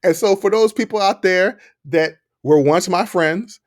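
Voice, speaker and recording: A man's voice: high voice, measured pace, no room sound, studio quality. A man hosting a podcast, talking frankly and laughing often in casual chat. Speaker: podcast host.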